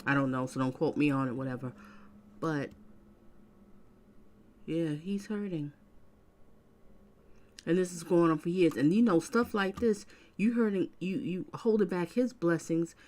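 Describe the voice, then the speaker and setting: A woman's voice: lowish voice, unhurried, pauses often, a little mellow. A woman hosting a commentary channel, musing and chatting in a casual, supportive way.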